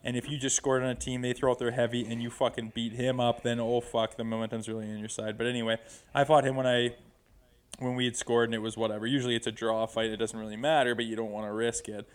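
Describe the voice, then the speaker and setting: A man's voice: mid-range voice, flat delivery, fast, smooth. A middle-aged man, a former pro hockey player, guesting on a podcast and telling loose, profane, rambling stories in casual chat.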